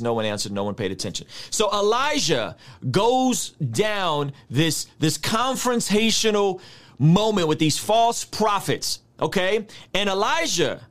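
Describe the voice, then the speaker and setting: A man preaches through scripture passages with a high voice that swings widely up and down. He talks straight to his listeners and slips into theatrical mock outrage. His delivery is lively and conversational. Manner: animated, mock-outraged asides; addresses listeners directly, conversational. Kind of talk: sermon-style scripture teaching.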